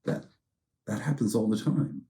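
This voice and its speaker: A man's voice: fairly low pitch, moderate pace, mellow. A man preaching a sermon as pastor, telling a story in a conversational way and acting out quoted lines in different tones of voice.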